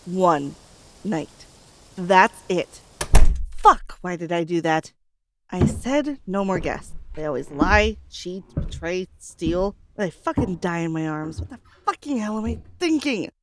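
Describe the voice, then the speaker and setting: A woman's voice: fairly low pitch, lively intonation, slow, slight background noise. A woman voicing a cynical, foul-mouthed former pilot with a hip injury, in an audio drama. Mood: harsh. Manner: blunt, sarcastic, swearing. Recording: reverb and background music.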